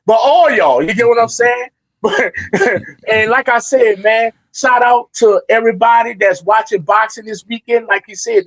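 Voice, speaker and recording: A man with a Southern US accent co-hosting a boxing talk show, loud, joking and profane. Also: high-pitched, no echo. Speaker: co-host.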